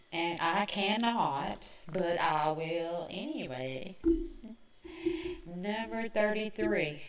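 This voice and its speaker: A woman from the American South with a Southern accent, hosting a podcast in a chatty, self-mocking way with quick asides. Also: lowish voice, a bit bright. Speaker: podcast host. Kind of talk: casual chat. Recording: echoey room, mic at a distance.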